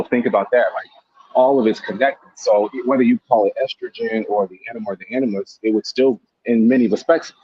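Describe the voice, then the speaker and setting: A man with a low, husky voice talks through his point in earnest, circling back and repeating words. The audio is dull and lo-fi, with a dry, close sound and no room echo. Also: a little mellow. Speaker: guest speaker on a live stream panel. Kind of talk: casual discussion.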